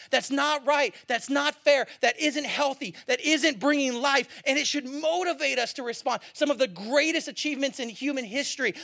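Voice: sits high, creaky, pushed and bright. A pastor preaching a sermon with rising passion, building to fiery emphasis and then settling back.

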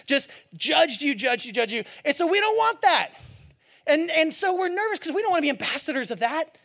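A man's voice: extremely high pitch, very animated, fairly quick, creaky, bright, forceful tone. A middle-aged man preaching a sermon as a pastor, in a conversational, joking way that acts out what people say.

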